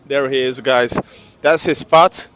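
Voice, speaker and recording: A man's voice: mid-range voice, fairly even intonation, slow, fairly bright tone. Chatty man vlogging on a street. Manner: rambling, chatty, addresses viewers as guys. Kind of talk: casual live street vlog. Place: city street outdoors in winter. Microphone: clip-on microphone.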